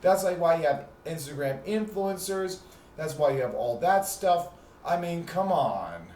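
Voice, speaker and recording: A man's voice: a little high, animated, unhurried, darkish tone. A man hosting a heated, profane, sarcastic ranting monologue. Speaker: host. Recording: echoey room with faint noise.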